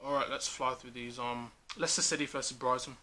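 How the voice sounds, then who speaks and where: A man's voice: medium pitch, level tone, a little fast, pushed and bright, slight background noise. A man hosting a casual football prediction chat, leading the talk and questioning his co-host between laughs.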